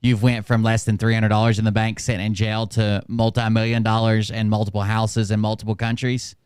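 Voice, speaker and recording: A man's voice: on the low side, flat delivery, a little fast, a little mellow, clear, resonant tone, no echo, clean studio sound. A man hosting a commentary channel, talking in a sarcastic, scornful way. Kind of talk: critical commentary.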